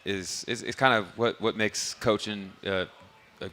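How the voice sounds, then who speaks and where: A man's voice: on the low side, fairly even intonation, a little slow, pushed and bright. A man who coaches basketball, telling rambling stories in an easygoing way during a live interview at a restaurant bar. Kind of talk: casual interview answers.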